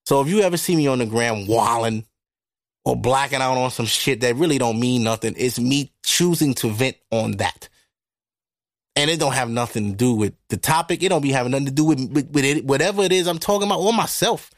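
A man hosting a podcast, talking through a casual monologue into a microphone in a blunt, profane, animated way. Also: mid-range voice, fairly quick, no room sound, studio quality. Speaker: podcast host. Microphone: studio microphone.

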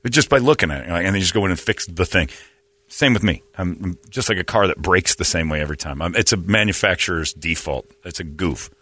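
A man's voice: sits low, fast, sharp tone, dry recording. A man in his fifties telling rambling, self-mocking stories in a casual comedic chat. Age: 50s.

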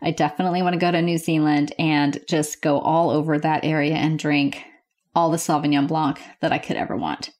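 A woman's voice: sits low, little pitch movement, a little fast, a little mellow. A woman hosting her nursing podcast, chatting in a bubbly, enthusiastic way from her office. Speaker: podcast host, nurse. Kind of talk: casual podcast chat. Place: home office.

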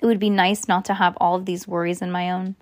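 A woman reading a first-person children's story aloud in a steady, earnest way. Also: fairly low pitch, quick pace, no room sound. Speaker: audiobook narrator.

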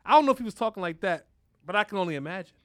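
A man's voice: high-pitched, expressive, racing, no echo, studio quality. A man hosting a podcast in a brash, profane casual rant, constantly asking "you know what I'm saying". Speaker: podcast host.

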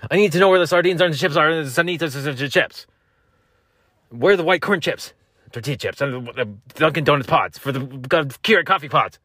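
A man's voice: low-pitched, a little slow, hardly any pauses, darkish tone, no room sound, studio quality. A man putting on a worked-up, irritable version of himself, ranting at everyone while hunting for groceries. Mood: angry. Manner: worked-up, barking.

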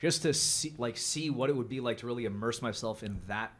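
A man hosting a podcast in loose, profane casual chat, reacting fast to his friends. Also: mid-range voice, slight background noise. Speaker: podcast host.

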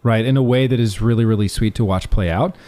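A man co-hosting a casual movie podcast, speaking reflectively and haltingly, often restarting his sentences. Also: lowish voice, warm tone. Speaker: podcast co-host. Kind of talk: casual movie recap chat.

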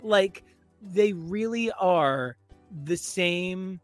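Punning man with a high, dry voice. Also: a little slow, fairly bright tone, dry recording, faint music behind. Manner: jokey, punning, playful. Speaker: podcast co-host. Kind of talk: casual chat about comics.

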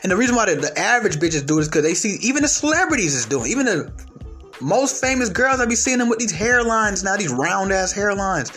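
A high-voiced young man from the United States, ranting brashly and profanely with a slight stutter. His pitch jumps around as he talks. Faint music plays under him. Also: very animated, fast talker, sharp tone. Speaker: vlogger. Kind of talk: comic opinion rant.

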